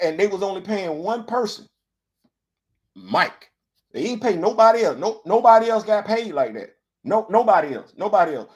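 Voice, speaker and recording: A man with a high-pitched voice hosts his own commentary show. He talks casually and with energy, piling up rhetorical questions to drive his point home. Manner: animated, rhetorical questions, colloquial. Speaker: host.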